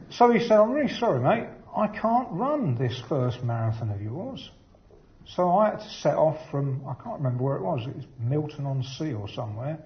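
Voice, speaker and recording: An older man telling a chatty, self-deprecating personal story. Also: medium pitch. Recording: dull lo-fi recording.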